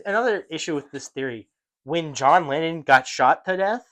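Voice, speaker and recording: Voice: mid-range voice, animated, normal speed, a bit bright. A podcast co-host poking holes in a theory in casual, argumentative chat with casual swearing. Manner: skeptical, argues, swears casually.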